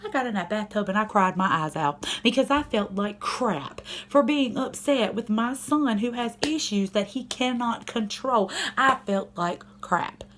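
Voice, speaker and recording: Candid young mom rambling to camera. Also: female voice, a little high, lively intonation, unhurried, hardly any pauses, a bit bright, slight background noise. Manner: candid, rambling, lots of fillers. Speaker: vlogger, young mother. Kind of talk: casual personal vlog, talking to camera. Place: at home.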